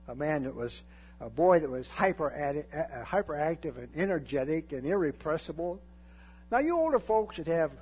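An older man preaching a folksy, animated sermon, joking and acting out Bible scenes. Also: on the high side, slightly rough.

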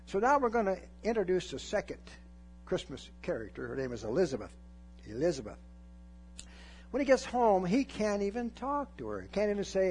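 Older male preacher, folksy sermon, lively rising and falling voice, slightly raised pitch. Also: a little fast, soft background music. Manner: folksy, animated, jokes and acts out Bible scenes.

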